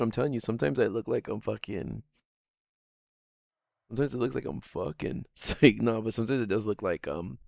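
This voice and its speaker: A man's voice: fairly low pitch, creaky, a little mellow, dry recording. Profane rambling male streamer. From Guam. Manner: rambling, profane, laughing often. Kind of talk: casual livestream chat.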